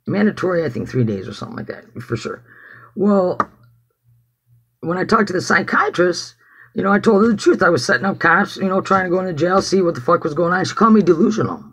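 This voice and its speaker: A man's voice: high voice, animated, fast, fairly bright tone, husky. A man telling a personal story as testimony in a rambling, casual way, swearing freely. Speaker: activist giving testimony.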